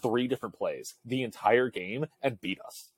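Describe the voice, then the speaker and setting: A man's voice: mid-range voice, moderate pace, husky, dry recording. Young man rambling through a story. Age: young adult. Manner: rambling, heavy use of filler "like". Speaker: podcast co-host; college student section leader. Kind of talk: casual storytelling chat.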